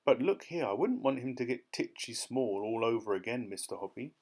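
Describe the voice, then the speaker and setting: A man voicing an excitable, kindly older lady who dotes on her pet tortoise, in a shrill, gushing voice. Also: brisk, lightly acted. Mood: earnest.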